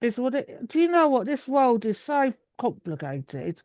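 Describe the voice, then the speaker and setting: A woman's voice: fairly high pitch, very animated, measured pace, darkish tone, no echo. A woman in her thirties, chatting over a video call in a rambling way with many restarts. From England. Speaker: guest. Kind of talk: casual video call chat.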